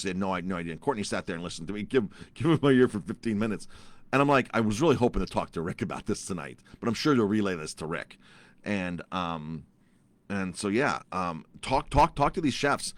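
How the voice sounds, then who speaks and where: Fired-up male chef ranting, lowish voice. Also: no echo. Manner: animated ranting, repeats words often. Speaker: chef and restaurant owner. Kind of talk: casual vlog storytelling.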